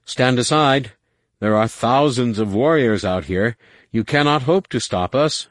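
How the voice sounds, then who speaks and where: A man's voice: mid-range voice, measured pace, no echo, pitched above the performer's own voice, lightly acted. A man voicing a scheming, nervous alien male commander in an audiobook, with a blustering, anxious delivery.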